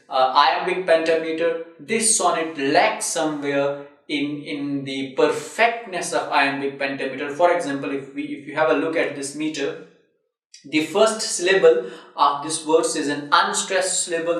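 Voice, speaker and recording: A man's voice: on the high side, fairly bright tone. A man giving a recorded literature lecture, explaining step by step and breaking words into syllables, with frequent fillers. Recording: very echoey room, voice far from the mic.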